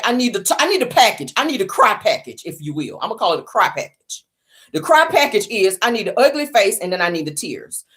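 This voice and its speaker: A middle-aged woman hosts a sassy celebrity gossip show, delivering it sarcastically and dramatically with drawn-out emphasis. Her voice is fairly low in pitch.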